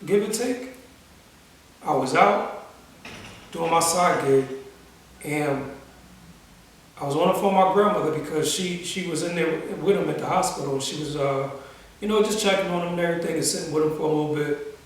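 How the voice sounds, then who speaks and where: A young man telling a personal story in a casual vlog, speaking slowly and emotionally with many pauses, restarts and casual slang. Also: on the high side. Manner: casual slang-filled speech. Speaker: vlogger. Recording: roomy echo, voice from a distance.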